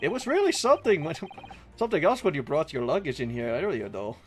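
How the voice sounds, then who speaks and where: A man's voice: fairly high pitch, huge pitch swings, slight background noise, pitched below the performer's own voice. A man reading a flustered young student. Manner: flustered, halting read-aloud dialogue.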